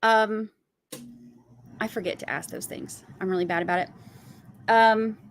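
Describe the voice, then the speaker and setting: A woman's voice: mid-range voice, fairly even intonation, measured pace, slight background noise. A sleep-deprived woman, chatting casually and rambling with giggles as a livestream host. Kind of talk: casual chat.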